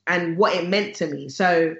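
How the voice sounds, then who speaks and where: A gospel singer tells a story in a casual conversation. The singer is lively and animated, acting out the voices of the people in the story. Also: medium pitch, moderate pace. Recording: roomy, slightly dull sound.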